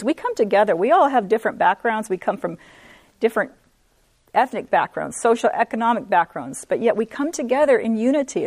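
A woman teaching a women's Bible study, earnest, repeating points for emphasis and reading scripture slowly. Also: mid-range voice, a little mellow, no room sound.

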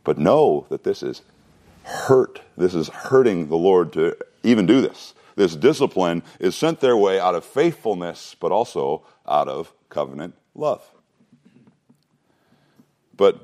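A man's voice: low voice, darkish tone. A man preaching a sermon, earnest and emphatic, often restarting words and asking rhetorical questions.

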